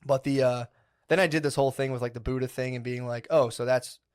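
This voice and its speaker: A man's voice: mid-range voice, quick pace, clear, resonant tone. A man co-hosting a podcast, telling a story in a rambling, casual way with lots of fillers and swearing. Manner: rambling, filler-heavy, profane, animated retelling. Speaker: podcast co-host.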